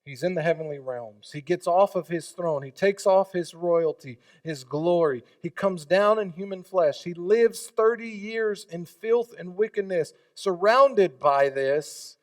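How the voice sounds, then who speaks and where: A man preaching a sermon, swinging from loud emphatic lines to quiet hushed ones. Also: high-pitched, unhurried, few pauses, no room sound, far from the mic. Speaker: pastor.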